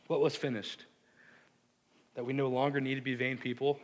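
A man preaching a sermon, earnest and impassioned, with a hushed delivery that builds into fervor. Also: a little high, moderate pace. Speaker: pastor. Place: church sanctuary. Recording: long reverb of a large hall.

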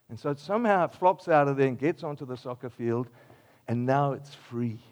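Older Australian man preaching, playful made-up stories, mid-range voice, swings from loud to hushed. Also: medium pitch, moderate pace. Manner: animated storytelling with playful made-up examples, dropping to a hushed close. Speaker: pastor. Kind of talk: sermon.

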